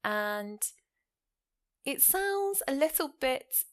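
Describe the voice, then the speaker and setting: Woman explaining grammar with lively emphasis. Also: high voice, drawn-out words. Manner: explanatory, stressing key words with lively rises and falls. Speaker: English teacher. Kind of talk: grammar lesson.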